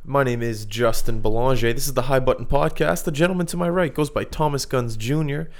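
A man hosting a podcast and chatting casually with a friend. His pitch sits in the middle, and he laughs often while acting out what other people said in lively put-on voices. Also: brisk. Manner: laughing, acts out quotes with animated voices. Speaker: podcast host. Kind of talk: casual chat.

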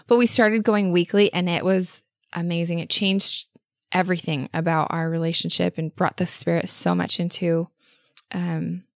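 A woman co-host tells a personal story in casual, earnest conversation. Her voice sits a little low, with a gravelly texture. The recording is dry and close. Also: fairly even intonation, normal speed, no echo. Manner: earnest and enthusiastic, lots of fillers. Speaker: podcast co-host.

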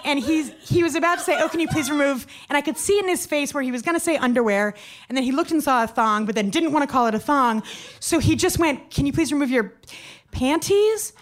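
High-voiced woman telling a story. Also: noisy background. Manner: quick, self-deprecating, chatty with many fillers. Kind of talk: live personal storytelling.

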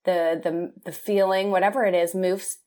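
A woman's voice: fairly low pitch, little pitch movement, normal speed. A woman hosting a podcast as a health coach, chatting openly and emotionally with her guest over a video call. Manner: open, emotional, warm laughter. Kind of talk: casual interview chat.

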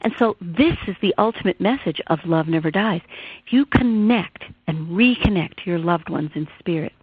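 A woman therapist sharing a deeply personal story with earnest feeling. Her voice sits slightly low and comes through a thin, tinny phone line. The sound is dry and close. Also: animated, moderate pace, breathy edge, no room sound. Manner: earnest, heartfelt, rises and falls with emotion. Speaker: author and therapist guest. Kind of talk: emotional personal storytelling interview.

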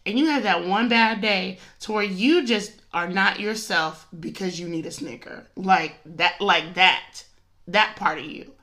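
A woman's voice: mid-range voice, a little slow, bright, forceful tone. A woman hosting a devotional podcast, chatting casually and animatedly, often breaking into laughter. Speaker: podcast host.

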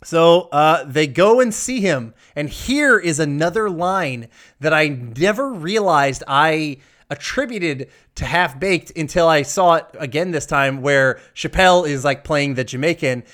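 A man's voice: on the high side, lively intonation, a bit bright. Chatty podcast host, a man. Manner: chatty, recaps scenes with quick quotes. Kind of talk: casual chat.

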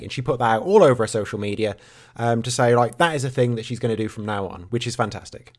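A man's voice: medium pitch, fast talker. A man co-hosting a casual podcast, wry and casual, swearing now and then. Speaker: podcast co-host.

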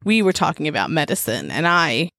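Lively, laughing woman podcast co-host. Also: low-pitched, a little fast, no echo, clean studio sound. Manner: animated, laughing, wry asides while reading. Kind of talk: casual chat, reading old book passages aloud.

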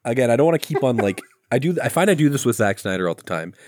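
A man's voice: medium pitch, sing-song, fast, a little mellow, a little hiss or hum. A man casually reviewing a movie with friends, rambling and restarting, laughing often. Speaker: podcast co-host.

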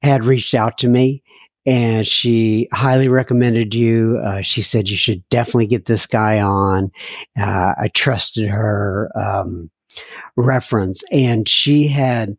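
A man hosting a recovery podcast, speaking in a relaxed chat with many pauses and restarts. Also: fairly low pitch, no room sound, clean studio sound. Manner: halting, many fillers and restarts. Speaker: podcast host. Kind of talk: casual interview chat.

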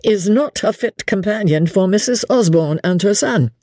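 A woman voicing a grave, honorable male army officer who speaks haughtily and haltingly. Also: medium pitch, animated, mellow, no room sound, clean studio sound, pitched above the performer's own voice, natural voice. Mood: stern.

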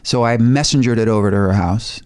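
A man guest telling a story in a casual chat, animated, swearing now and then and laughing between bits. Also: mid-range voice, brisk. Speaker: guest musician.

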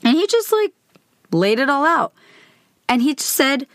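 A woman's voice: high voice, very animated, a little slow, pauses often, no echo, studio quality. A woman hosting a podcast, telling a personal story in a candid, conversational way with lots of hedging fillers. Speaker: podcast host.

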